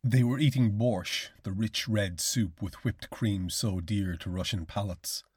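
A man narrating a classic short story in a measured, formal audiobook reading. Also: fairly low pitch, steady tone, darkish tone, husky, dry recording, clean studio sound.

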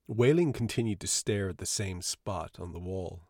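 A man narrating a story in an even, measured reading. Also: low-pitched, no room sound, studio quality.

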